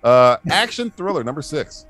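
A man's voice: on the high side, big pitch swings, moderate pace, a bit bright, faint music behind. A man hosting a casual podcast quiz game, reading clues aloud and laughing often as he chats. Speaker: quiz host.

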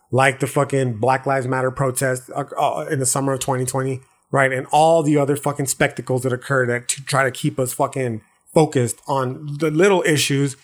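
A man hosting a podcast, talking through philosophy in a loose, profane, slangy monologue that keeps checking in with the listener. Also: medium pitch. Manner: profane, slangy, loose street-talk delivery; frequent restarts and check-ins like "okay" and "right". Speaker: podcast host.

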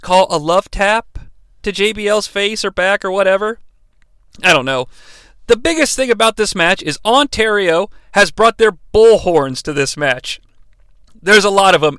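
A man's voice: high-pitched, bright, forceful tone, dry recording, studio quality. A man hosting a podcast, reviewing a wrestling match solo in a profane, sarcastic, mock-outraged way. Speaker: podcast host.

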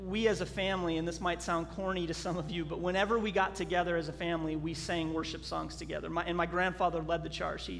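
A man preaching a sermon as a pastor, telling a story earnestly with halting restarts, in a church sanctuary. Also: sits high, fairly bright tone. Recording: long hall reverb, faint music.

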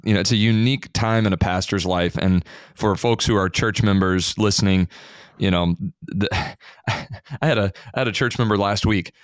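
A man, a pastor, hosting a discussion and telling lively anecdotes from church life. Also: fairly low pitch, moderate pace, smooth, no room sound, studio quality. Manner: friendly, animated when acting out anecdotes. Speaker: pastor and podcast host. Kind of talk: hosted discussion.

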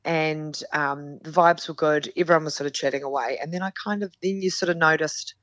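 A woman's voice: low-pitched, fairly even intonation, brisk, fairly bright tone, no room sound, muffled recording. A woman, telling a story on a podcast in a candid, self-mocking way and acting out what people said. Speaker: podcast guest. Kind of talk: casual storytelling.

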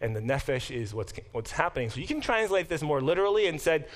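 A man teaching a Bible class as a professor, talking in an animated, self-deprecating way in a classroom, often restarting and adding asides. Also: on the high side, quick pace. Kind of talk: classroom lecture.

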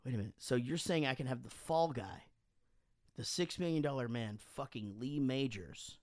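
A man casually telling animated stories on a podcast, swearing freely and acting out quotes, sounding a bit drunk. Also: mid-range voice, normal speed, no echo, clean studio sound. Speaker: podcast host and band frontman. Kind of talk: casual storytelling chat.

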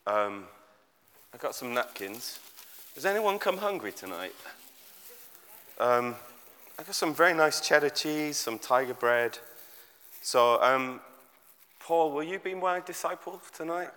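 Bright-voiced male preacher, casual and self-mocking, in a reverberant hall. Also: fairly high pitch, animated, measured pace, pauses often. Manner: chatty, digressive, self-deprecating humor. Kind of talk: informal sermon with props. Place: church hall with audience. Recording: echoey hall.

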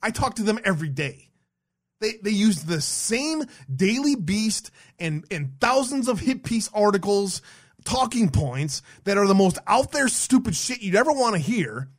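A man hosts an online show in a heated, profanity-laden rant. His high voice swoops up and down as he talks, and he rambles bluntly, often tripping over restarts. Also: sing-song, measured pace. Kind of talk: heated ranting commentary.

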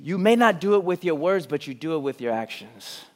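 A man preaching a sermon in an auditorium, dropping to near-whispers on key lines and building to loud, emphatic runs. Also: a little high, very animated, a little fast. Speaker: pastor.

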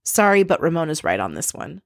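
Woman host, lowish voice, dry close sound; blunt, exasperated recap delivery with frequent swearing. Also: sing-song, a little fast, vocal fry, no room sound. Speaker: podcast host recapping a reality show. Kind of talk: casual recap commentary.

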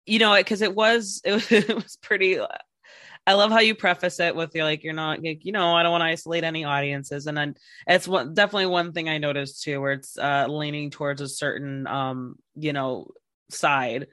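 A woman's voice: sits low, steady tone, normal speed, fairly bright tone, dry recording, studio quality. A woman hosting a podcast interview, talking in a rambling, casual way with many fillers and restarts. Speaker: podcast host.

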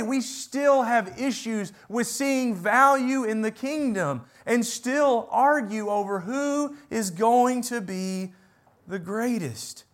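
A man preaching a sermon, animated, moving between loud emphatic lines and hushed ones, with sarcastic asides. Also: high voice.

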